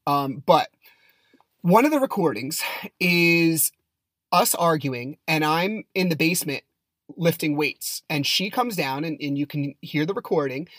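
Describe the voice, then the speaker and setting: A man's voice: a little high, expressive, measured pace, fairly bright tone, dry recording, studio quality. A man hosting his own podcast, telling a personal story in a casual monologue with a heated, blunt manner. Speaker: podcast host.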